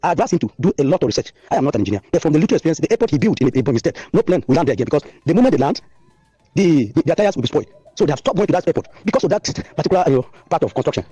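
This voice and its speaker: A man's voice: fairly high pitch, very animated, racing, dark tone, slightly rough, no echo. A Nigerian man calling a radio show, giving earnest advice and quoting scripture. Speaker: radio caller. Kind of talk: preachy call-in.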